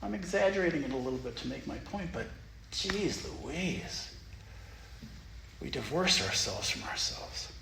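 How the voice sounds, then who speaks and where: A man's voice: medium pitch, noisy background. A man, a Zen teacher, gives a playful, self-mocking dharma talk in the meditation hall of a Zen center. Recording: echoey hall, faint ambience.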